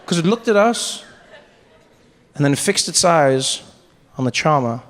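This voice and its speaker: A man doing stand-up storytelling, animated, often breaking off and restarting. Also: a little slow, in a large hall, slight background noise. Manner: animated, many self-interruptions, jumps into high voices. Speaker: stand-up comedian.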